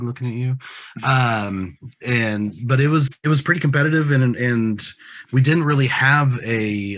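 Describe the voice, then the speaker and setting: A man talking on a casual podcast, hesitant and full of ums, trailing off quietly. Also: lowish voice. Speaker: podcast co-host. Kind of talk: casual chat.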